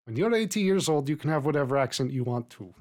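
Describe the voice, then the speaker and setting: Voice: mid-range voice, lively intonation, fast, a little mellow, close to an everyday voice. A performer doing a genteel woman over eighty. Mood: gracious. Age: older. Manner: genteel, formal, wandering put-on accent. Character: elderly female labor organizer, over eighty, gracious.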